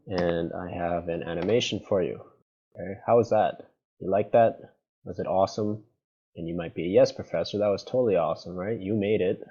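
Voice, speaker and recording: Low, dark-voiced lecturer asking "right?". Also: male voice, breathy edge. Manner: conversational, keeps asking "right?" and "okay?"; playfully sarcastic. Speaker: university lecturer. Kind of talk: lecture on presentation design. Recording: dull lo-fi lecture recording.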